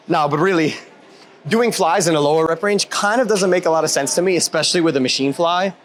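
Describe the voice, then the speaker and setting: A man's voice: fairly high pitch, fast talker, a little hiss or hum. Rambling jokey man in a gym. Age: 30s. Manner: rambling and jokey, with goofy asides and self-interruptions. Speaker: fitness YouTuber. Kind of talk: casual workout tutorial.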